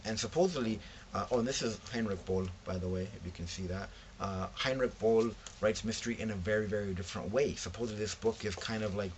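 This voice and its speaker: In a casual book vlog with slight background noise, a young man with a lowish voice describes books he found. He tells it with slangy asides, acting out his friends' words along the way.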